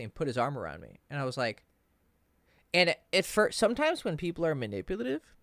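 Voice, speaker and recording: A man's voice: a little high, a little fast, dry recording. Dating coach guy on a livestream, swears a lot, dry close sound. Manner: casual, profane, animated when quoting others. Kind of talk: livestream Q&A storytelling.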